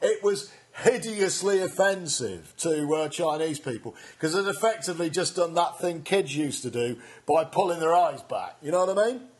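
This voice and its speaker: A man co-hosting a deadpan comedy chat, ranting in mock outrage and slipping into silly voices. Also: fairly high pitch, moderate pace, few pauses. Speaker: comedy podcast co-host.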